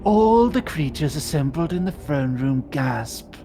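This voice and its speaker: A woman streaming a game, narrating an interactive story in a lively, quick casual way. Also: sits low, faint music behind. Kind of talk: casual narration of a choose-your-own-adventure.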